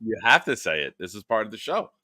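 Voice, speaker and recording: A man's voice: lowish voice, very animated, quick pace, bright, forceful tone, dry recording, studio quality. A man hosting a casual live stream over a video call, joking around and directing his co-host with crude humor. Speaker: show host.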